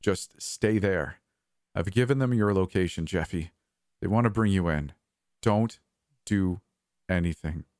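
A man's voice: low voice, a little slow, long pauses, a little mellow, dry recording, studio quality. A man voicing an older brother who speaks urgently and insistently, voice trembling. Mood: tense, stern. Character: worried older brother, stern and shaken.

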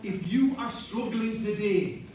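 This preacher's voice sits high and mellow, and he takes his time, repeating himself earnestly before rising to emphatic points. The mic is far off in an echoey hall, and slight background noise is present.

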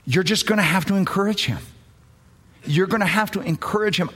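A woman's voice: medium pitch, fairly quick, a bit bright, slightly rough. A woman preacher delivering a sermon, telling a story with earnest swells and drops in emphasis.

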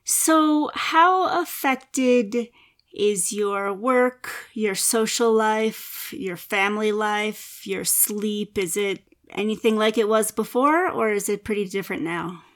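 A woman hosting a podcast, gently asking her guest questions. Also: medium pitch, takes it slowly. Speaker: podcast host. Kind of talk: interviewing.

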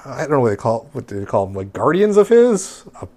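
Regular guy podcasting, summing up an episode, lotta uhs and ums, mid pitch. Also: sing-song, fast, a little mellow. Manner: rambling, filler-heavy summarizing. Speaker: podcast co-host recapping an anime. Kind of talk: casual recap chat.

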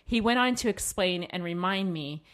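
A woman's voice: fairly low pitch, expressive, normal speed, fairly bright tone. A middle-aged woman hosting a casual chat, candidly telling a personal story and quoting her husband. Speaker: podcast co-host.

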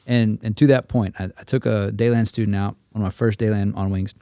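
Gravelly, mellow-voiced male storyteller. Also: fairly low pitch, fairly even intonation, brisk, dry recording, studio quality. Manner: storytelling, acts out quotes. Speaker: instructor pilot. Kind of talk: casual roundtable chat.

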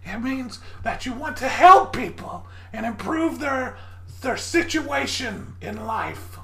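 A woman's voice: on the high side, animated, takes it slowly, gravelly, pushed and bright, exaggerated voice. A woman voicing a cheerful, pushy female shopkeeper with a playful, salesy manner in a tabletop game. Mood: sly, salesy. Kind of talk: tabletop role-play voicing.

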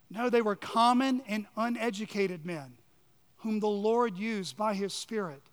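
Pastor, male, very high bright voice, earnest sermon, church hall with long reverb. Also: clear, resonant tone. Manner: earnest, emphatic, asks rhetorical questions. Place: church sanctuary.

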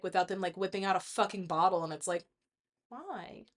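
A woman's voice: medium pitch, normal speed. A young woman co-hosting a podcast, talking bluntly in casual chat with lots of swearing and filler words. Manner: blunt, heavy swearing, frequent "like". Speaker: podcast co-host.

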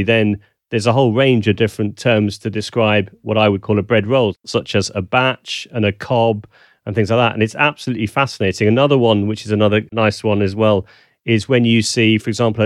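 Low-voiced southern English man, dry sound. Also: steady tone, brisk, dry recording. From south of England. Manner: warm, thoughtful, with frequent ums. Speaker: guest, language consultant. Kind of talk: casual interview chat. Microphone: video call.

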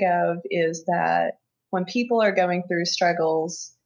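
A woman speaking as an interview guest, earnest and halting, with many fillers and restarts as she talks openly. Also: lowish voice, steady tone, muffled recording. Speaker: interview guest, family caregiver. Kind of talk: emotional personal conversation.

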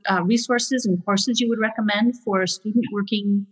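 A woman's voice: medium pitch, steady tone, moderate pace, slightly rough, long reverb tail. A woman hosting an interview podcast, asking questions and backing the guest with short agreements. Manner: supportive, asks questions, frequent mm-hmms. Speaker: podcast host.

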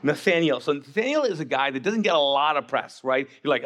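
A man preaching a sermon as pastor, animated and joking, acting out the voices of the figures in the story. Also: fairly high pitch, a little fast.

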